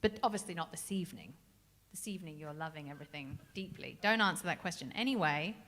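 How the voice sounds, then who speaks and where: A woman's voice: low-pitched, expressive, quick pace, a bit bright. A woman from England, a jazz singer chatting and joking with the audience between songs on a club stage.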